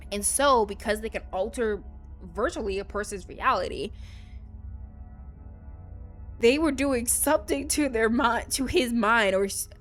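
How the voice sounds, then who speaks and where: This is casual gaming commentary from a woman hosting a let's play, who tells a story in an easygoing, talkative way. She sprinkles in "like" and "um" constantly, and her pitch jumps about lively.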